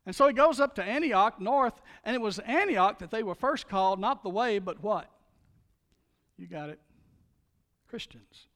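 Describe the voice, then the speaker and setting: A man preaching a sermon as a pastor, swinging from loud, driving calls to hushed, earnest appeals. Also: high-pitched, animated, moderate pace, pauses often, big-room sound.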